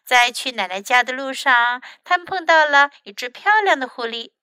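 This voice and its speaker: A woman's voice: high voice, lively intonation, normal speed, clear, resonant tone, dry recording. A woman, a children's English teacher, reading a picture book aloud for children, in both English and Chinese. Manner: gentle, explaining. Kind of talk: bilingual storybook reading for children.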